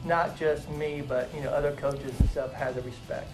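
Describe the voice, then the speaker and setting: Earnest man, slightly high voice. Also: fairly even intonation, moderate pace, music in the background, rough recording. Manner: earnest, emphatic storyteller. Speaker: former player. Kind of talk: casual interview tribute.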